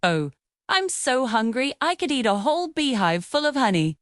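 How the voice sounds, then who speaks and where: A woman voicing a big father bear with a booming, growling manner in a bedtime storybook. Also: sing-song, normal speed, fairly bright tone, dry recording, clean studio sound. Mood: hungry.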